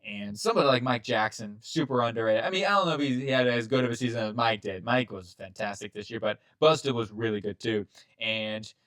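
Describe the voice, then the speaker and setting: A man's voice: mid-range voice, a bit bright, no echo. Rambling, chatty man talking football. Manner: rambling, chatty, quick asides and self-corrections. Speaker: channel host reacting to a mock draft. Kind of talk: casual sports commentary.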